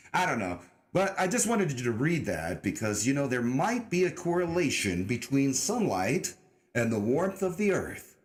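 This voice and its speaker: A man's voice: mid-range voice, big pitch swings, measured pace, pauses often. A young man hosting a casual livestream, rambling and sarcastic, cursing freely and putting on a joking mock-redneck drawl. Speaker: livestream host.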